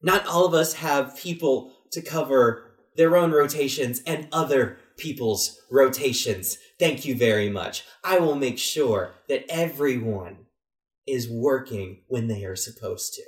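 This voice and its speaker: A man's voice: mid-range voice, a little slow, roomy sound, distant mic, pitched above the performer's own voice, lightly acted. A man voicing a fussy, flustered woman who leads a caravan, stammering as she talks.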